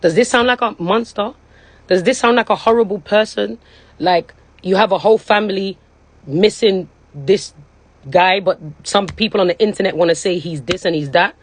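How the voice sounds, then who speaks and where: On a phone live stream, a young woman talks casually and emphatically, frequently checking in with her listeners and repeating "you know what I'm saying." Her mid-range voice moves at a normal speed, and the recording has no echo.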